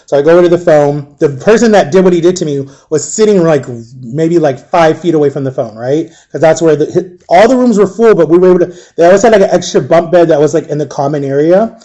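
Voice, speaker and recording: A man with a somewhat high but mellow, soft-edged voice recounts a painful personal story. He talks in a halting, subdued way, circling back through fillers and restarts as he pushes on. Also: expressive, dull audio. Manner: emotionally shaken, subdued. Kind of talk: candid personal account.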